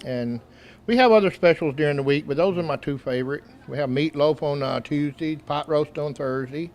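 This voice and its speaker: A modest, plain-spoken man from Tennessee who owns a restaurant. His voice sits slightly high, and he gives short, unpolished answers in a casual interview. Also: fairly quick, a little mellow. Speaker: restaurant owner, guest.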